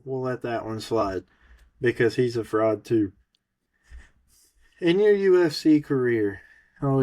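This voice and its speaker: Brief: male podcast co-host, mid-pitched voice, mocking and heated, listing a fighter's failures. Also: a little mellow. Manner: sarcastic, cutting, heated. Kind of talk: mocking rant.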